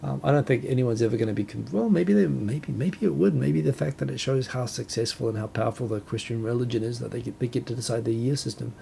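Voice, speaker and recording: A man from New Zealand, with a New Zealand accent, hosts a casual solo talk show from home in Tokyo, rambling with self-corrections and chuckles. His medium-pitched, creaky, dark voice moves at a quick pace with few pauses, over a little hiss or hum.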